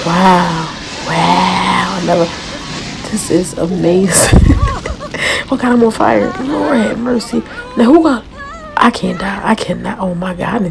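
Gravelly, slow-talking woman gamer. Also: on the low side, background noise. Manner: loud and reactive, laughing and exclaiming. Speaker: gaming channel host. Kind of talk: casual gameplay commentary.

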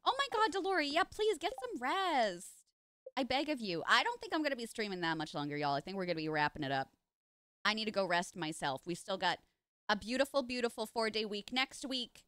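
Playing on a live stream, this woman keeps up casual chatter in her mid-range voice. Her goofy, playful mood spills into loud bursts of silliness.

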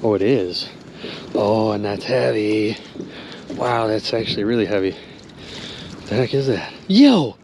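A man hosting a magnet fishing vlog from a boat on a river, exclaiming excitedly and talking straight to his viewers. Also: on the low side, unhurried, long pauses. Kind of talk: excited outdoor vlog narration. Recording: clear outdoor boat and water noise. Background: boat and water noise.

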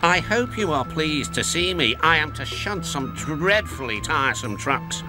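A man's voice: fairly high pitch, sing-song, unhurried. Man putting on a purring oily diesel engine, smug, rude, storybook villain, music behind.

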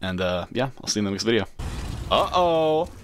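Talking very fast in a low, fairly even voice, a male streamer offers casual gameplay commentary full of profanity and joking trash talk. The background is noisy.

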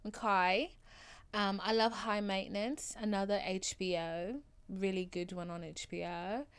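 A woman's voice: medium pitch, flat delivery, measured pace, clean tone. Overdramatic, gushing young woman podcaster. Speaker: podcast host. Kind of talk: casual solo podcast monologue.

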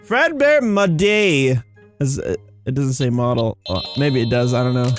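A young man giving casual, rambling commentary on his game, excitable and tired, with faint music behind him. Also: medium pitch, a little fast. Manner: excitable, rambling, says "dude" and "you guys". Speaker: gaming YouTuber.

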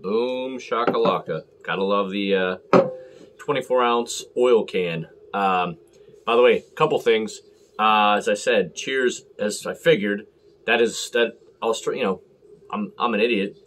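A man's voice: fairly low pitch, a little slow, fairly bright tone. A man talking casually and rambling as he reviews a beer on camera, full of fillers and self-deprecating asides.

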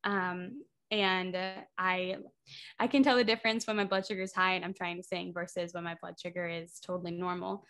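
A woman's voice: lowish voice, level tone, fairly quick, fairly bright tone. A woman in her twenties, a theater artist talking as a podcast guest in a chatty way, leaning on lots of "like" fillers. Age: 20s. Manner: chatty, leans heavily on "like" fillers. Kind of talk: casual podcast conversation.

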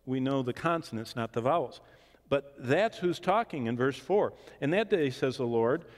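A man teaching the Bible in a question-and-answer session, swinging from emphatic declarations to hushed asides. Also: mid-range voice, lively intonation, normal speed. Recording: long reverb of a large hall.

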